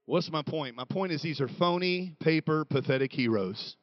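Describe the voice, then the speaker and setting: A man preaching a comedic sermon, telling stories with animated quoted voices and building to shouts. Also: fairly high pitch, brisk, dry recording, lo-fi sound.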